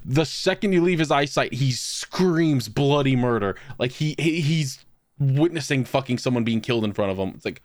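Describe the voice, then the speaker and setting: A man's voice: mid-range voice, lively intonation, normal speed, dry recording. Profane, rambling young man telling stories. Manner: rambling, profane storytelling with laughs. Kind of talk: casual chat.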